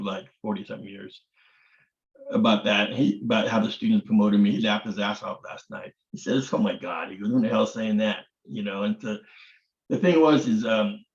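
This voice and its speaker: An older man, a martial arts grandmaster, answers an interviewer with long, candid stories. He talks bluntly and swears, and he acts out the voices of the people he quotes. The audio sounds roomy and dull, like a lo-fi recording. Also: lowish voice.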